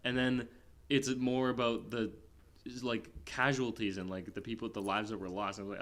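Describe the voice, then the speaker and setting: A man co-hosting a film podcast, talking in a rambling, casual way with many fillers and sudden animated bursts. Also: fairly low pitch, moderate pace. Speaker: podcast co-host. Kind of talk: casual film review chat.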